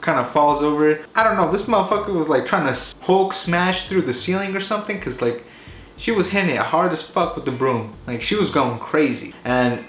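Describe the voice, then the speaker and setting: A man spins a comedic story in a loose, rambling, animated way, swearing freely and stumbling through fillers. His voice sits a little high for a man. The room is echoey, with a faint hiss underneath. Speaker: comedy vlogger. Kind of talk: casual profane storytelling.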